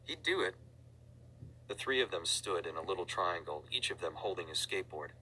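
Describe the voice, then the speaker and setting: A man reads a children's storybook aloud with steady pacing. His voice is very deep yet bright and sharp-edged, with faint background noise. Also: fast talker, rough recording. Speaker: narrator. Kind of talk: audiobook reading.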